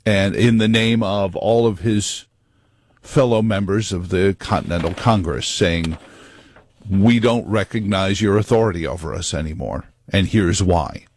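A man's voice: low-pitched, a little slow, darkish tone, no echo, studio quality. A man hosting a talk radio show, talking through history with wry joking asides. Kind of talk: conservative talk radio monologue. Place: radio studio.

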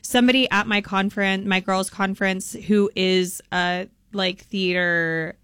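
A young woman whose voice is worn by laryngitis, yet still comes across smooth and resonant. She talks in halting restarts and laughs often. The sound is close and dry, with no room around it. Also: medium pitch, steady tone, a bit bright, dry recording. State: laryngitis, losing her voice. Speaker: guest. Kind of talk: casual chat.

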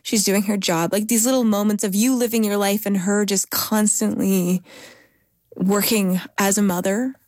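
A woman's voice: medium pitch, fairly even intonation, moderate pace, a little mellow, no room sound, studio quality. A woman hosting and narrating, talking in an eager, chatty way with many fillers. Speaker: host. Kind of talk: podcast narration and interview. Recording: music bed behind voice.

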